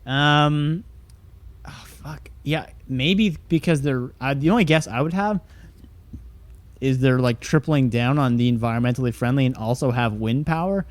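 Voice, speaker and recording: A man co-hosting a podcast, reading out news stories in a relaxed, halting way. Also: medium pitch, no echo. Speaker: podcast co-host. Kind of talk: casual chat, reading headlines.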